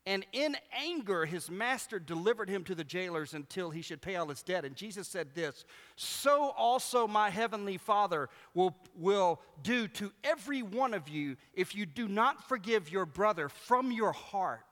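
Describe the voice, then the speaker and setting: A man's voice: sits high, animated, normal speed, few pauses, fairly bright tone. A man preaching a sermon, telling stories with animation and acting out the voices of the people he quotes. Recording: long hall reverb.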